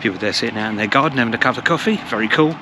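A man's voice: mid-range voice, rapid-fire. A man narrating a casual walking vlog through a village, chatty and rambling, repeating his words. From England. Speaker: travel vlogger. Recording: outdoor recording with clear traffic noise.

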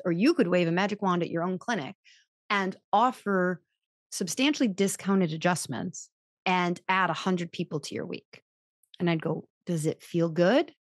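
A woman's voice: on the low side, no echo, clean studio sound. A woman chiropractor hosting a podcast, talking through business advice in a chatty, self-mocking way and acting out the voices she quotes. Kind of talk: casual advice talk.

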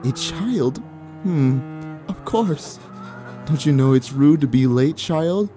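A man voicing a cryptic, sly old female witch in game dialogue, speaking in a hushed, measured, teasing way. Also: fairly high pitch, expressive, over music.

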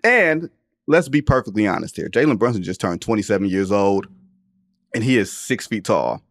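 Low-voiced emphatic sports podcast man. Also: lively intonation, normal speed, gravelly, no echo, studio quality. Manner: emphatic, joking, drawls into slang. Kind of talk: casual sports chat.

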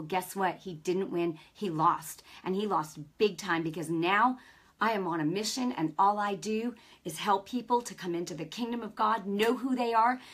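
A woman's voice: medium pitch, breathy edge. A middle-aged woman hosting a Christian broadcast, preaching straight to viewers in a conversational, emphatic way. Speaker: host and Christian teacher. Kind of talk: preaching to camera.

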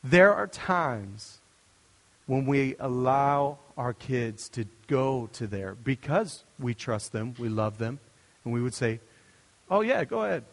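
A man's voice: medium pitch, very animated, takes it slowly, in a large hall. A young adult male pastor giving a conversational, story-driven sermon. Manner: storytelling, conversational, with restarts and asides.

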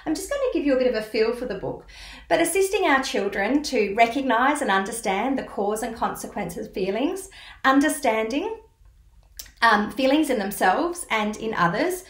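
Woman, educator reading a picture book aloud, slightly high voice, teacherly questions, roomy echo. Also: animated, a bit bright. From Australia. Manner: teacherly, reads aloud slowly and clearly, asks the listener questions. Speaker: child-safety educator.

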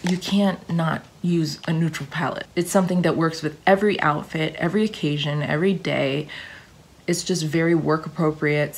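A woman reviewing makeup products in casual, gushing chat, her voice a little hoarse because she is getting sick. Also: sits low, a little hiss or hum. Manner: gushing, chatty, restarts often. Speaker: beauty vlogger.

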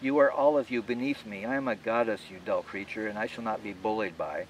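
A man's voice: fairly low pitch, brisk, lightly acted. An imperious goddess of death, as a male author reads her lines. She speaks coldly and with command, a storybook villain looking down on everyone. The recording is distant with faint noise. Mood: contemptuous.

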